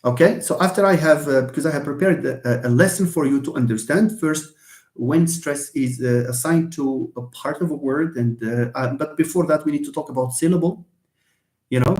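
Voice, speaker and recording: A man giving a live online English lesson, hesitant with many fillers and restarts, lively when stressing examples. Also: mid-range voice. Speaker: English lecturer. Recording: echoey room.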